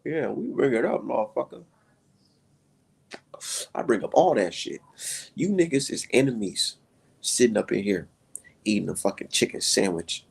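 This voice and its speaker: A man hosting a live stream, ranting heatedly with lots of profanity and sudden jumps in pitch. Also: very animated, normal speed, gravelly, pauses often, a little mellow, husky.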